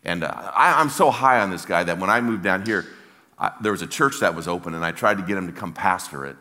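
An older male pastor preaches in a church, his low voice carrying a forceful edge. He tells his story from the heart, often stopping and starting over mid-sentence, and the long hall reverb hangs behind every phrase. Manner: heartfelt storytelling with halting restarts. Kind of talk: sermon.

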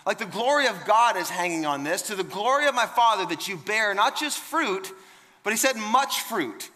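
A man's voice: high voice, expressive, moderate pace, sharp tone, big-room sound. A man preaching a sermon in an emphatic, conversational way, often repeating words and restarting phrases. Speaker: pastor.

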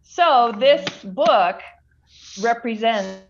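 A woman guest telling a story in a chatty, relaxed way during a podcast interview over a video call. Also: on the high side, drawn-out words, dull audio. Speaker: guest, author's wife.

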